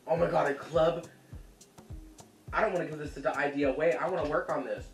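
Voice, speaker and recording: A man's voice: on the high side, fairly even intonation, fast, gravelly, long pauses, roomy sound, distant mic, faint music behind. A man hosting a casual cooking vlog, chatty and sassy, who calls viewers honey and laughs easily.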